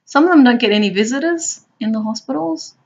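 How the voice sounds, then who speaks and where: A woman who works as a hospital clown tells her stories playfully, now and then jumping into high squeals. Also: animated, a little fast, highs cut off. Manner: warm, playful, bursts into high squeals when acting out clowning. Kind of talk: personal storytelling.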